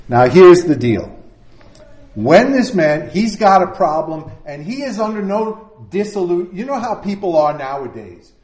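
A man preaching a sermon with a fairly high voice and an unhurried delivery. He talks conversationally and keeps checking in with his listeners. The sound carries a noticeable room echo. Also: darkish tone. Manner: conversational, acts out quoted voices, frequent "all right?". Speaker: pastor.

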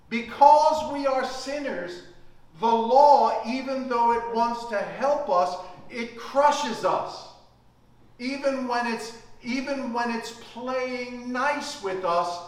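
A man preaching a sermon, emphatic, slowing down to stress key words. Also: sits high. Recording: very echoey, from far off the mic.

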